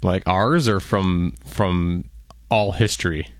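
A man's voice: low-pitched, steady tone, slow pace, no echo. A man co-hosting a radio show in casual chat, giving brief, laid-back replies.

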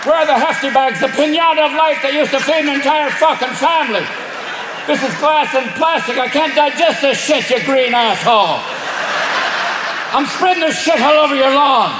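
A man's voice: very high voice, normal speed, very noisy, voice pushed up. A man doing a furious Irish raccoon. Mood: outraged. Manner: outraged, snarling, swearing. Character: scrappy foul-mouthed male raccoon. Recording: echoey club with loud crowd laughter.

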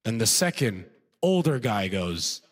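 A man doing stand-up comedy on stage, animated and constantly checking in with the crowd. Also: fairly low pitch, measured pace. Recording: long hall reverb.

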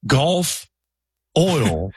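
Husky man, teasing co-host. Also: a little high, big pitch swings, very slow, dry recording. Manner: teasing, laughs often. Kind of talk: casual chat.

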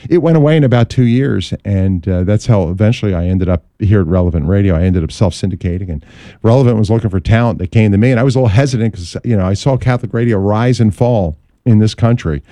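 Middle-aged male radio host, lively storyteller; low, mellow voice, dry close sound. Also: quick pace, dry recording. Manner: lively storyteller who acts out quoted voices. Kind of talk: telling his career story in an interview.

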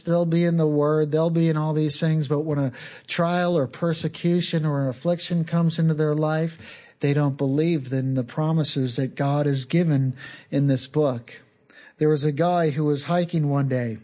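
Casting: male pastor, slightly higher voice, earnest unhurried sermon delivery. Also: mellow. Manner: earnest, unhurried teaching with small repetitions.

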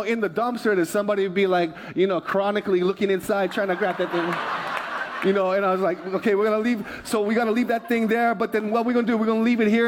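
A man, a pastor, preaching a sermon in a church, conversational and animated, telling a story with asides and laughs. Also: high-pitched. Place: church sanctuary.

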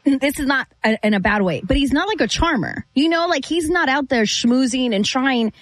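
A woman's voice: high voice, lively intonation, normal speed, dry recording. A woman co-hosting a casual sports talk show, conversational and thinking aloud as she makes her point.

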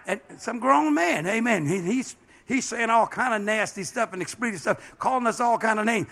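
A man's voice: sits high, animated, moderate pace, creaky, pushed and bright. A man, a bishop, preaching a sermon with passion, dropping frequent amens and calling out to the congregation. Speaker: bishop and pastor.

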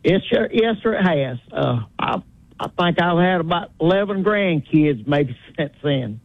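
A man's voice: a little high, lively intonation, unhurried, dry recording. An older man with many grandchildren, calling a sports show and speaking politely. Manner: polite, says "sir". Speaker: caller. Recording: tinny phone line.

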